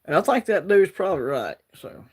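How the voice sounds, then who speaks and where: A man's voice: high-pitched, very animated, fairly quick, slightly rough. A man with an Alabama Southern accent hosting a casual livestream, chatting in a laid-back, rambling way and greeting viewers by name. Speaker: livestream host.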